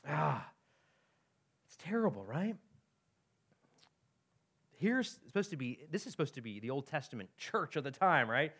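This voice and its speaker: A man's voice: a little high, very animated, a little slow, long pauses, fairly bright tone, slightly rough. A man preaching a sermon as pastor, talking casually to his congregation, often checking in with "right?" and reading scripture aloud.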